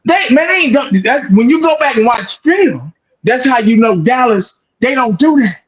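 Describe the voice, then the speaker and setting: High-voiced man in a profane sports rant. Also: expressive, normal speed, poor audio. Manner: profane, emphatic, repeats 'man' often. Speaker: sports show host. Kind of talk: casual sports talk.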